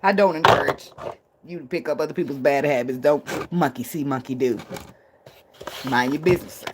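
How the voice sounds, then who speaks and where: A woman's voice: sits low, normal speed, noisy background. A woman giving a casual tarot reading, blunt and profane, laughing often and drifting into tangents. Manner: rambling, talks herself into tangents. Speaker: tarot reader.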